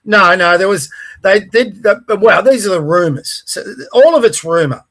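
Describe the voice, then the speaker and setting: A man's voice: sits high, expressive, normal speed, a bit bright. A man with an Australian accent co-hosting a podcast, talking bluntly and angrily with lots of swearing. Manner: blunt, angry, profane. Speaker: podcast co-host. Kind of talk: heated casual chat.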